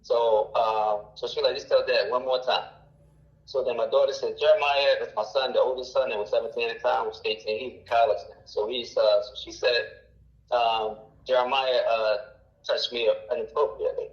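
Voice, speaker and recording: A man's voice: mid-range voice, fairly even intonation, roomy sound. Man rambling on a muffled line. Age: around 40. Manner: rambling, halting with many fillers and restarts. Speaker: caller. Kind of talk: casual storytelling.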